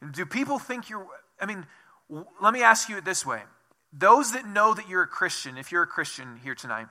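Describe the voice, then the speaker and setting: A man's voice: a little high, sharp tone. A male pastor preaching a sermon in a conversational, self-deprecating storytelling manner, asking his listeners many questions.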